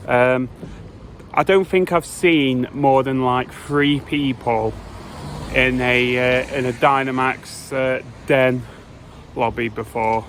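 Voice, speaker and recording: A man vlogs about travel while walking through city streets, chatting casually but hesitantly and rambling with many fillers. His mid-range voice is a bit bright, slow and fairly even in intonation. Faint traffic and street ambience can be heard outdoors.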